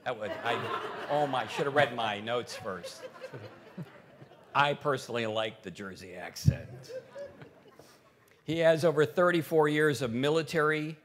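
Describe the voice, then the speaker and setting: A man's voice: medium pitch, lively intonation, measured pace, pauses often, noisy background. A man emceeing a conference, introducing the next speaker with playful teasing banter. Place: conference hall with audience.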